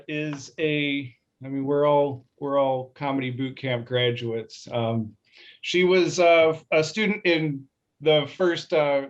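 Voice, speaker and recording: Slow halting comedy show host. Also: medium pitch, dull audio. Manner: halting, full of uh and um.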